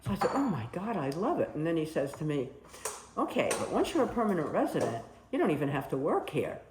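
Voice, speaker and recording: A woman's voice: low-pitched, fast talker, background noise. A woman telling stories in a casual interview, acting out the voices of the people she quotes. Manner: animated, acts out quoted dialogue. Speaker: storyteller recalling nursing work abroad. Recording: roomy with faint ambience.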